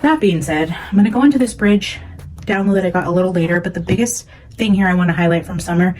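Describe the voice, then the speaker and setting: Earnest rambling woman, low voice. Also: quick pace, darkish tone, poor audio. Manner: earnest, rambling, many "like" fillers. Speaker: psychic medium. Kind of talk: casual monologue reading her notes.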